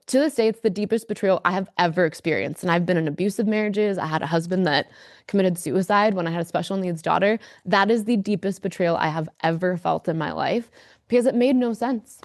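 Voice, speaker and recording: A woman on a podcast speaks a little low, with an earnest, emphatic way of telling her story and plenty of fillers. The sound is dry and close, with no room around her. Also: no room sound. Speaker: podcast guest. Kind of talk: candid podcast conversation.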